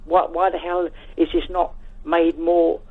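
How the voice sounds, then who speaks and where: A man calling in to a radio show, speaking earnestly and haltingly and repeating himself. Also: on the high side, little pitch movement, a little hiss or hum. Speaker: caller. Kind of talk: phone-in call. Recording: telephone line.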